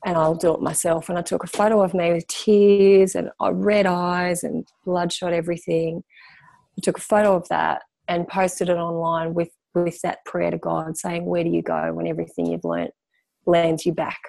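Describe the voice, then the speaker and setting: A woman talks in a gravelly, mellow voice. She is passionate and emphatic as a guest in an interview and drives her points home by repeating them. The sound is dry and close. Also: fairly low pitch, flat delivery, moderate pace, no echo. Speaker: guest, spiritual coach. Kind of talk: candid podcast interview.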